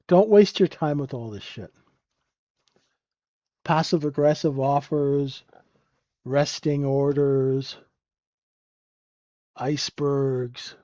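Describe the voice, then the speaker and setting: A man runs a live trading room with unhurried, blunt, joking commentary, constantly checking in with "right?". His voice sits a little high, and the audio is dry and slightly dull, like a lo-fi stream. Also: mellow, dry recording. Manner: casual, joking, keeps asking "right?"; blunt and profane. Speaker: trading room host and mentor.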